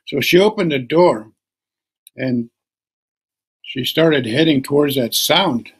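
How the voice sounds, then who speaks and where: A middle-aged man telling a traditional story in an unhurried, conversational way. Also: mid-range voice, fairly bright tone, slightly rough. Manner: unhurried, conversational, with many you-knows. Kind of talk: oral storytelling.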